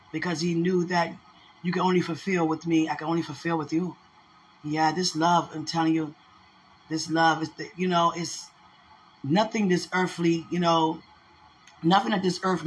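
A woman's voice: low-pitched, slight background noise. A woman in an emotional casual talk to her partner, effusive and prayerful, repeating her words.

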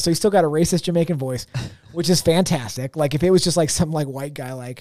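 A man hosting a podcast in casual chat, loud and opinionated, ranting about things he dislikes. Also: on the high side, fast, no echo, studio quality. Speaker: podcast host.

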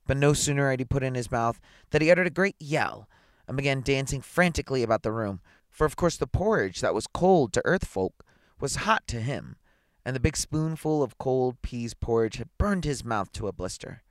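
A man reads a children's tale aloud in a playful, expressive way, slipping into chatty asides. His pitch rises and falls a lot, and the recording is close and dry with no room sound. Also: normal speed, no echo. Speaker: storyteller. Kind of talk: children's story read aloud.

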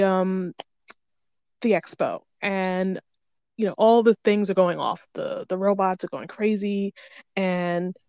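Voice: medium pitch, a little mellow, clear, resonant tone, dry recording. A co-host in a casual movie-ranking podcast who laughs a lot and acts out little quotes.

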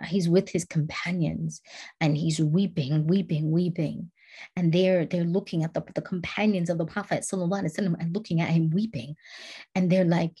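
Husky-voiced woman giving a devotional talk. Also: on the low side, mellow. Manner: earnest, repetitive, builds emphasis by repeating words. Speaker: religious teacher.

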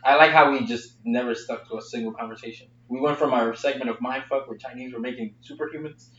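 A man's voice: mid-range voice, fairly even intonation, fast, a bit bright, reverberant, recorded from a distance, lo-fi sound, slight background noise. A man co-hosting a casual podcast, joking around in loose, profane banter. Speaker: podcast co-host.

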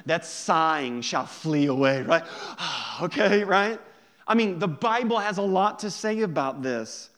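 Brief: male pastor with a slightly high voice, chatty sermon, jokes, slow stress on key words. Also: lively intonation, a bit bright. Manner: conversational and joking, drawing out key words slowly.

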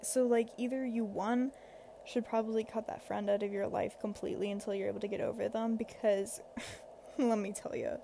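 A woman's voice: mid-range voice, level tone, moderate pace, vocal fry, dark tone, a little hiss or hum. A seventeen-year-old girl hosting a podcast, giving casual, rambling advice with lots of fillers and self-deprecating asides. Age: teens. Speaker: podcast host.

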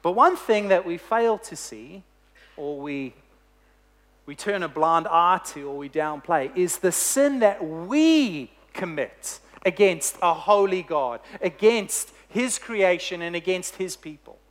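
A preacher delivering a sermon, telling a story with emphatic, deliberate phrasing. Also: mid-range voice, animated.

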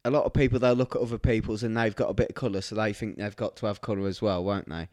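A man's voice: lowish voice, fairly even intonation, a little mellow, dry recording, studio quality. A man co-hosting a casual podcast as a tattoo artist, often laughing and teasing his partner. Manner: teasing, quick to laugh and interject. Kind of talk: casual chat.

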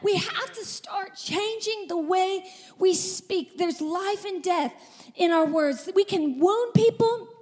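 A woman's voice: very high-pitched, slow. Lady pastor preaching hard, lots of repeating, big echoey church hall. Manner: energetic, emphatic preaching with repeated phrases. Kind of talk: sermon. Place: church sanctuary with congregation.

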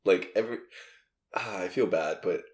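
A man's voice: deep voice, normal speed. A man hosting a podcast, chatting casually and telling rambling stories with frequent laughter. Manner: rambling storyteller who laughs often. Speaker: podcast host. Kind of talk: casual chat. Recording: roomy echo.

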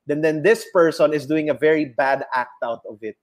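A man's voice: a little high, moderate pace. A man with a Filipino accent hosting a casual comedy chat, switching between Tagalog and English and slipping into playful impressions.

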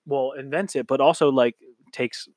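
A man's voice: medium pitch, steady tone, normal speed, darkish tone, no echo. A man co-hosting a podcast, joking crudely and laughing often as he rambles through riffs. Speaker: podcast co-host. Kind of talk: casual crude banter.

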